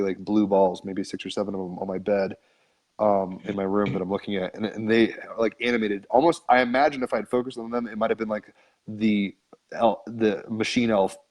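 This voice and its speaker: A man's voice: fairly low pitch, darkish tone. A man, a podcast guest, telling a long story in a casual, rambling way, full of "like" and casual swearing. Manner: rambling, filler-heavy, frequent "like", casual swearing.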